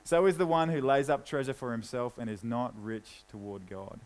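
A young man preaching a sermon in a casual, conversational way, dropping low and quiet when he reads scripture. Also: fairly even intonation, moderate pace, rough recording. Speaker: pastor.

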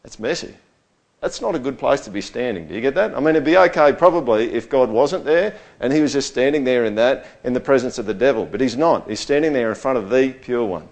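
Man, pastor, conversational sermon, asks the room questions, mid-pitched voice, swings quiet to loud. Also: lively intonation, brisk. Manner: conversational, checks in with the audience, swings from low to loud.

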